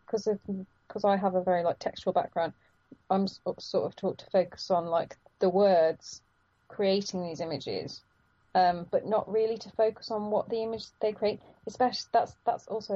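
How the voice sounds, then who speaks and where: A woman chats casually with a mellow, slightly husky voice. She rambles through restarts and laughs as she talks. The recording is dry and a little dull. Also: on the low side, dry recording. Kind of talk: casual chat.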